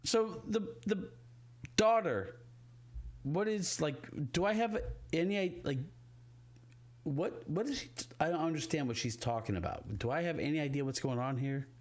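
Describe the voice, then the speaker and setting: A man at a tabletop game who talks in fits and starts and stammers over his words. His pitch swings widely. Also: lively intonation. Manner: stammering, halting, with restarts. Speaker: player. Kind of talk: playing a tabletop game in character.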